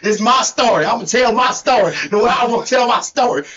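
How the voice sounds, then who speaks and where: A man's voice: very high-pitched, a little fast, a bit bright. A man putting on a hollering country cowboy. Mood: rowdy. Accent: put-on Southern US country. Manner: boisterous, hollering, crude folksy drawl. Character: rowdy drawling country cowboy storyteller, male adult. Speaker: co-host. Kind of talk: comedic improvised storytelling. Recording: dull lo-fi recording.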